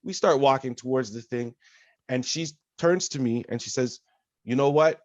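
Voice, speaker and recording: A man co-hosting a casual podcast who tells stories with animated, loud energy and a lot of swearing. He speaks at a middle pitch. His mic sounds dry and a little dull. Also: moderate pace, no echo. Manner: animated storyteller, loud and profane when reenacting. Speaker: podcast co-host.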